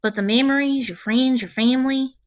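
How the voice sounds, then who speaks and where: A woman player in a tabletop role-play, talking casually and warmly about her character. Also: high-pitched, fairly quick, muffled recording. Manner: casual, affectionate, in-character asides.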